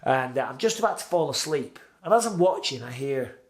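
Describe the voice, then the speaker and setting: A man's voice: medium pitch, animated, fairly quick. A British man in his forties telling a vivid personal story in a casual way, acting out his own past lines. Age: 40s. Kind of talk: casual spoken anecdote.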